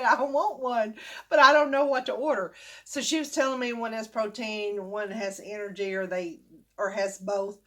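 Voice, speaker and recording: An older woman, chatting in a casual storytelling vlog and acting out the dialogue as she goes. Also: on the high side. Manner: chatty, animated, acts out the dialogue. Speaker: vlogger.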